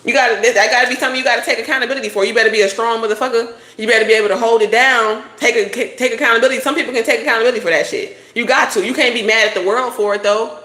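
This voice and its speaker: A woman's voice: on the high side, fairly even intonation, very fast, hardly any pauses, pushed and bright, reverberant. A woman doing a casual tarot reading, talking bluntly with lots of swearing and preachy advice. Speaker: tarot reader.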